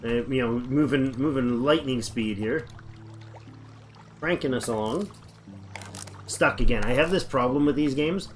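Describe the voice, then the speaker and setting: A man's voice: mid-range voice, a little slow, pauses often, soft background music. A man casually chatting on a livestream while playing a game, rambling and thinking aloud as he reads the chat. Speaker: game streamer.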